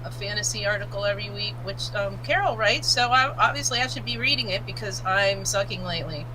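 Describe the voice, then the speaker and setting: Female co-host, deadpan wisecracks, noisy live-stream sound. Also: mid-range voice, fairly quick. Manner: wry, deadpan quips. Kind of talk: casual banter.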